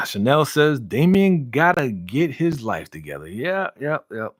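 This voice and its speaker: A man's voice: mid-range voice, sing-song, slow, fairly bright tone, no echo, clean studio sound. A man hosting a casual live stream, reading viewer comments aloud and ranting heatedly with laughs in between. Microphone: studio podcast mic.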